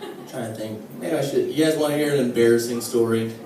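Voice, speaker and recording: A man's voice: medium pitch, fast, crowd noise. Crude, self-mocking stand-up comic man. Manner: casual, crude, self-mocking storytelling with frequent "all right?" and "like". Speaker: stand-up comedian. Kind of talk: stand-up comedy set. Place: comedy club stage with live audience. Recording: distant, very echoey club recording with noise. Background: audience laughter and room ambience.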